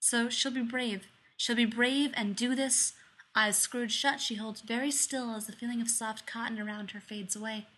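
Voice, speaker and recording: A woman reading fiction aloud in a measured, expressive storytelling manner. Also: on the high side. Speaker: audiobook narrator.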